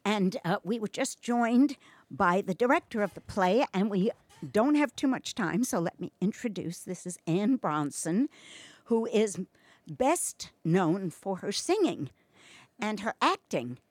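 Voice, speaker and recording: A woman's voice: medium pitch, very animated, measured pace, dry recording. A woman hosting a local radio arts show, chatting with guests and asking follow-up questions. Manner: conversational, asks follow-up questions. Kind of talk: casual radio interview.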